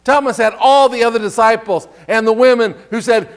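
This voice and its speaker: A pastor with a notably high voice delivers a relaxed, conversational sermon at a slightly fast pace. He poses questions to the congregation and reads scripture aloud between his own remarks.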